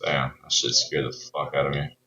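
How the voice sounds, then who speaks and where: A man's voice: extremely low pitch, little pitch movement, moderate pace, bright, forceful tone, muffled recording. A man talking casually while day trading, laid-back and slangy, often saying "bro" and swearing. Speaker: day trader streaming his trades.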